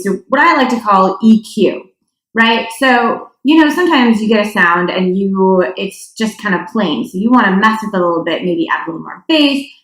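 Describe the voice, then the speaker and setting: A woman's voice: medium pitch, fairly bright tone. A young adult woman from North Dakota teaching a singing lesson, chatty, with demonstration sounds. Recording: echoey room.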